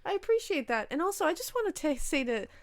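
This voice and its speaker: A woman co-hosting a podcast in casual chat, animated, swearing freely and laughing often. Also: very high-pitched, fast talker, no echo, clean studio sound. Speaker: podcast co-host.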